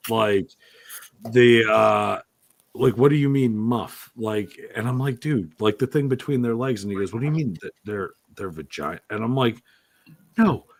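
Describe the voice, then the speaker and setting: A podcast host with a somewhat low voice that swings widely in pitch as he tells crude, animated stories. He swears freely and keeps the banter loose and casual. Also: moderate pace, creaky, no room sound. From Italian-American. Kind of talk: crude comedic casual chat.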